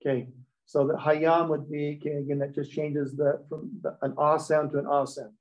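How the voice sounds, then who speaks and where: On a dull, lo-fi recording, a man teaches a Hebrew class at a moderate pace, his voice on the high side with little pitch movement. He goes through the lesson step by step and checks in with his students during the lecture.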